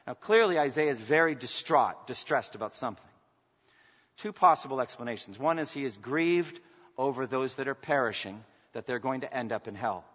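A man preaching a sermon in a church, swinging from loud emphatic bursts to hushed asides. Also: mid-range voice, expressive, normal speed. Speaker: pastor. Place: church sanctuary. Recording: muffled sound in a reverberant hall.

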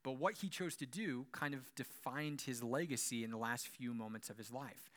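A young man preaching a sermon as a pastor, telling stories in an animated way, swinging from soft to loud and chuckling now and then. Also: medium pitch, moderate pace. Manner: animated storytelling with big swings in loudness and occasional chuckles.

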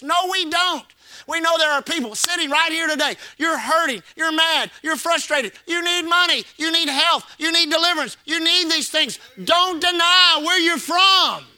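A man's voice: very high voice, moderate pace, bright, forceful tone, no echo. A man preaching a sermon as pastor, repeating phrases and calling the congregation to respond. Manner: preaching with call-and-response and repetition.

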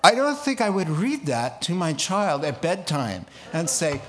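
A man delivers a relaxed expository sermon, taking his time over each point. His voice sits a little high, and he slips into the voices of the people in the story before stepping back to comment. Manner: animated, acts out biblical characters with quick asides and laughs. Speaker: preacher.

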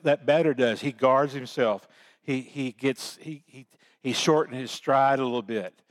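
Male preacher, unhurried delivery, slightly high voice, folksy sermon storytelling. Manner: folksy storytelling with baseball analogies.

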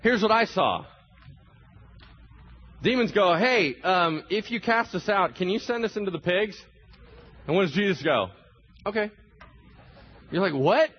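A man's voice: high voice, lively intonation, a little slow, long pauses, breathy edge, dull audio. A man preaching a sermon, telling the story with animation and acting out the voices of the people in it. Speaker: pastor.

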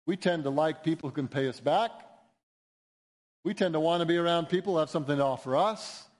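Earnest preacher, a man with a high-set voice. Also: fairly quick. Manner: earnest, emphatic preaching with rising appeals. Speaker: pastor. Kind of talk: sermon.

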